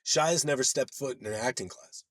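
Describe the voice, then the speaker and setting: A man's voice: mid-range voice, a little fast, fairly bright tone, dry recording, clean studio sound. A man from Los Angeles, a screenwriter and producer, guesting on a podcast and telling rambling, profanity-laced stories in casual conversation. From Los Angeles, United States. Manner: rambling anecdotal storyteller who swears freely.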